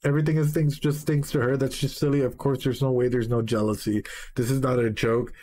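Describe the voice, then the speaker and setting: A man streaming a live reaction, reading song lyrics aloud and excitedly greeting his chat. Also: mid-range voice, fairly quick. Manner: excitable, swears, greets chat members mid-sentence.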